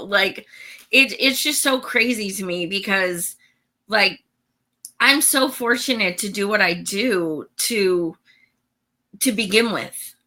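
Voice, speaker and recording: A woman's voice: mid-range voice, lively intonation, takes it slowly, sharp tone. A woman hosting a political livestream show, chatting casually, venting and swearing freely as she talks to her viewers.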